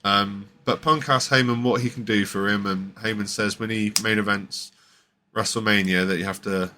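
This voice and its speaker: Deep-voiced man, rambling recap. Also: fairly even intonation, normal speed, pushed and bright, a little hiss or hum. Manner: rambling, with many fillers and restarts. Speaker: podcast host. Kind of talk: casual wrestling show recap.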